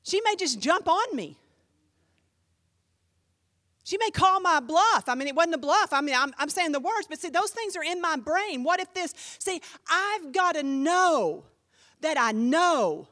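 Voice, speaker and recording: Woman pastor teaching a class: high-pitched, chatty, emphatic teller with a dry sound. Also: a little slow, dry recording. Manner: animated, emphatic, conversational with many fillers.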